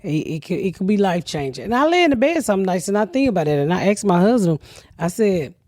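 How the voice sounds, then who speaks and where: A woman's voice: medium pitch, fast talker, no room sound. A brash middle-aged woman spinning stories on a comedy podcast, swearing freely and jumping into other people's voices as she quotes them. The sound is close and dry, with no room around it. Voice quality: loud, profane, animated storyteller who acts out quotes. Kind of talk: casual podcast chat.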